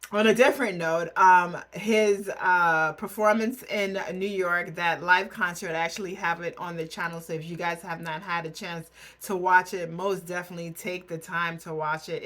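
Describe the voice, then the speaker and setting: A woman's voice: lowish voice, fairly bright tone. A woman hosting a reaction video, talking effusively and chattily while holding back tears. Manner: effusive, chatty, heavy use of "like". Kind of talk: casual reaction commentary.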